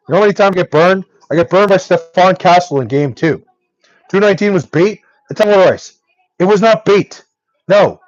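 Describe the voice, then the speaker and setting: Young guy raging on stream, pitch jumping all over, dry dull mic sound. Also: dry recording. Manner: angry, profane ranting. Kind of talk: live-stream rant.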